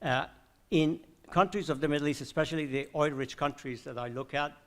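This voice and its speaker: A man's voice: on the high side, a little fast. An older man from Iran giving a conference talk, hesitant with many filler sounds and restarts. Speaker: conference discussant.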